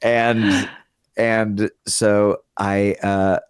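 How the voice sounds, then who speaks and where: A man's voice: fairly low pitch, little pitch movement, drawn-out words, clean tone, dry recording, clean studio sound. A man casually telling a rambling story about his acting start, often laughing as he goes. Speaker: guest storyteller.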